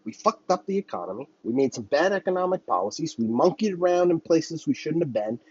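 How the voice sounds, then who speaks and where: A man delivers a solo commentary rant, swearing freely and wandering from point to point. His husky voice swings widely up and down. The recording is dull and lo-fi, with a dry sound. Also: fairly high pitch, big pitch swings, a little fast, a little mellow. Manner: profane, heated, rambling. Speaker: podcast host.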